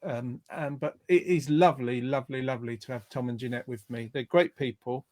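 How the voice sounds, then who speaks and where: Over a video call, a man hosts an online show and reads out viewer comments, rambling chattily and frequently restarting sentences. His voice is medium-pitched and darkish, fairly even in intonation, and a little quick.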